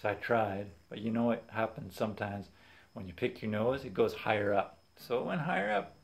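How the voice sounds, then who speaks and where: A young man casually telling funny stories from his childhood, animated and quick to laugh. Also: lowish voice, creaky. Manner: animated, acts out voices in quotes, laughs often. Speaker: vlogger. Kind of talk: casual storytelling.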